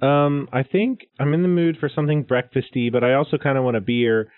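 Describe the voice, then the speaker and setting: A man's voice: mid-range voice, fairly quick, clean tone, no room sound. A man playing a tabletop game, speaking in a wry, matter-of-fact way. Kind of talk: casual chat. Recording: tinny phone-like call audio.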